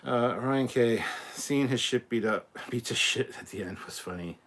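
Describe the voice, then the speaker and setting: A man's voice: mid-range voice, moderate pace, a bit bright. A Scottish man hosting a casual live reaction stream, reading out viewer comments in a laid-back, chatty way and swearing freely. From Scotland.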